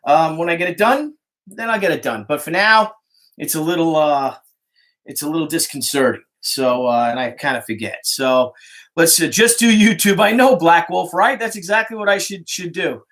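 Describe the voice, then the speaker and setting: A middle-aged man with a New York Italian-American accent and a slightly higher voice for a man. He rambles through a casual livestream from his phone, swearing freely and calling out hellos to viewers by name. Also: moderate pace, a bit bright. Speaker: comic artist hosting a livestream. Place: indoors, home studio with art supplies.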